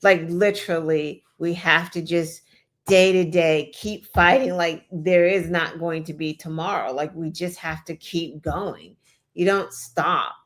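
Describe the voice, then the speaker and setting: A woman's voice: lowish voice, unhurried. A woman co-hosting a casual political chat show, talking emphatically and swearing freely, with lots of "like" and "you know". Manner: emphatic, profane, with many "like" and "you know" fillers. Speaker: co-host.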